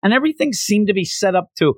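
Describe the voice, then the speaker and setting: A man in a casual podcast chat, recapping with animated energy and acting out lines with sudden leaps in pitch. His voice sits a little high for a man. The sound is dry and close, with no room echo. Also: quick pace. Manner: animated, acts out quotes with jumps in pitch. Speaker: podcast co-host.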